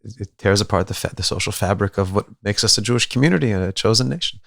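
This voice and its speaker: Gravelly-voiced rabbi telling a story. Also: male voice, fairly low pitch, rapid-fire, no room sound. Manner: animated, acts out voices, many restarts. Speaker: rabbi and guest. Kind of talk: conversational storytelling.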